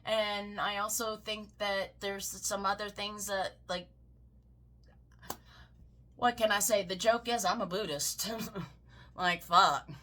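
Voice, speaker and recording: Southern lady cussing thru a political rant, bright voice, slow and drawn out. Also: fairly even intonation. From American South. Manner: heated, swearing, swings into high mocking shrieks. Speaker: political commentator. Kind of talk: profane ranting commentary.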